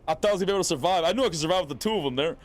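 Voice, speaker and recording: A man whose voice sits high talks very fast while streaming a live game and chatting casually. His commentary is playful and taunting, aimed straight at the enemy players he's up against.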